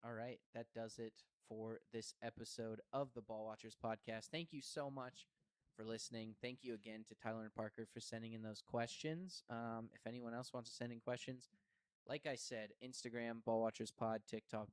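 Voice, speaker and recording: Smooth-voiced young man hosting a podcast. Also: fairly low pitch, moderate pace, no echo. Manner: relaxed, chatty, with fillers. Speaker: podcast host. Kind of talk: casual sports podcast chat.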